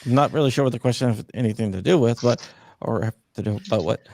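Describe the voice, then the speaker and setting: A man's voice: medium pitch, fast, creaky, a little mellow, a little hiss or hum. A man hosting a live stream, reading viewer questions aloud and joking about them. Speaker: host.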